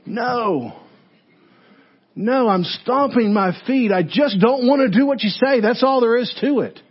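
A man's voice: very high voice, a little slow, husky, highs cut off, pitched above the performer's own voice, heavily acted. A man acting out stubborn people who refuse like a defiant toddler, in a raised, whiny voice. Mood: petulant. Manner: petulant, foot-stomping refusal.

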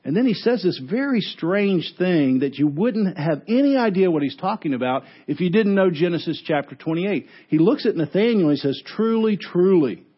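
Preaching at normal speed with hardly any pauses, a male pastor with a slightly rough voice tells the story through lively quoted voices, dropping low and quiet on key words. The sound is lo-fi.

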